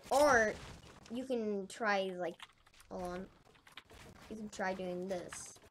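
A woman with a mid-range, fairly bright voice talks slowly while hosting a casual gameplay tutorial for her gaming channel. She thinks aloud, rambling and correcting herself, and the recording is noisy with keyboard clicks.

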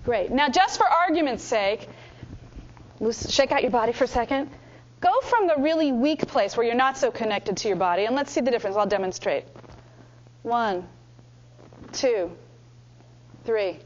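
A woman leading a speaking workshop, coaching the room with energetic instructions and playful demonstrations. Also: on the high side, a little fast, a little hiss or hum. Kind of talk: lively teaching workshop. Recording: dull lo-fi room recording.

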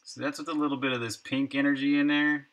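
A man's voice: mid-range voice, flat delivery, fast, a bit bright. A man streaming his game development work, chatting casually and thinking aloud, often trailing off and muttering numbers to himself. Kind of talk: casual livestream chat while working.

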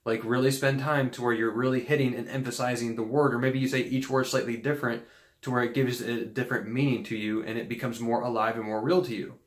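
A man's voice: medium pitch, flat delivery, fast, roomy sound. A man giving an earnest, casual teaching talk on faith, rambling a bit with fillers and restarts. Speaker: Christian video host.

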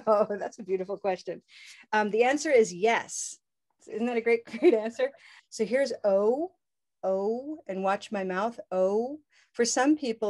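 A cheerful woman with a North American accent leads a live online English pronunciation lesson. She drags out sample words slowly and deliberately so learners can copy them. Her voice sits in an ordinary middle pitch for a woman. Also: a little mellow. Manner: upbeat, drawn-out modeling of sounds. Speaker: pronunciation teacher.

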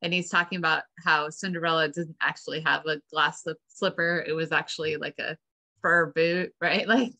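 A woman's voice: deep voice, steady tone, moderate pace, sharp tone. A woman instructor leading a class discussion, encouraging and affirming her students. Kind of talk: seminar discussion.

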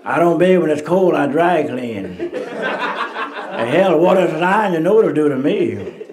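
A man's voice: on the high side, big pitch swings, measured pace, crowd noise. Drawling man telling dry one-liners. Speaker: stand-up comedian. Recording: old noisy live album recording.

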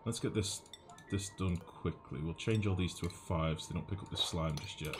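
A man's voice: low-pitched, normal speed, music in the background. A man from northwest England with a generic northern English accent, chatting casually and rambling as he streams a game and answers chat, swearing now and then. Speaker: gaming streamer. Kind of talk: casual gameplay commentary, reading chat.

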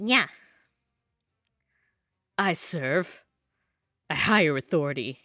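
A woman's voice: on the low side, very animated, normal speed, pushed and bright, no room sound, clean studio sound. A young woman streaming a game and chatting casually, giggling and correcting herself. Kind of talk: casual gameplay commentary.

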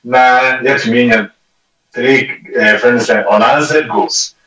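Ghanaian guy breaking down a football match, bright forceful voice, kinda far from the mic in an echoey room. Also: mid-range voice, takes it slowly, a little hiss or hum. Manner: animated, mixes Twi and English mid-sentence. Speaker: football pundit. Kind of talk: studio sports discussion. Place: radio studio. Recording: roomy and off-mic radio studio sound.

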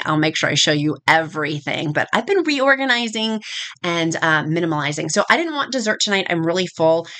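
A woman's voice: low-pitched, bright, forceful tone. A woman chatting casually with viewers in a home vlog, friendly and talkative. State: nervous, speaking quietly. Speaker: vlogger.

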